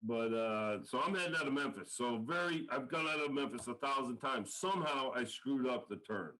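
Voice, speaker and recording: Man, middle-aged, casual storytelling, animated, average pitch. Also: normal speed, low-quality recording. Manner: animated, acts out quoted lines while telling a story. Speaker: guest, college football line coach. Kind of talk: casual storytelling in a podcast interview.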